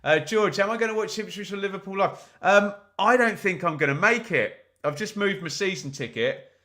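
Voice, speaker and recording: A man's voice: sits high, normal speed, sharp tone. Chatty man hosting a stream. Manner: chatty, rambling, frequent "um" fillers. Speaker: host of a live football watch-along stream. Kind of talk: casual live-stream chat, reading viewer comments.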